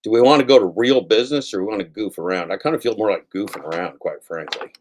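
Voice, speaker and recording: A man talks loosely into his livestream, swearing freely and circling back over the same lines with self-mocking humor. His voice sits a little low. The talk is casual and unscripted, from a home computer setup. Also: fast, a little mellow, slight background noise. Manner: profane, self-mocking, rambling with repetitions. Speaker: livestream host.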